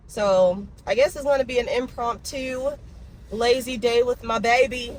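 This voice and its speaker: A woman's voice: on the high side, fairly even intonation, moderate pace, a little mellow, a little hiss or hum. A young woman, chatting emotionally and casually in a personal vlog. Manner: chatty, emotional, talks to her dogs in baby talk. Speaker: vlogger.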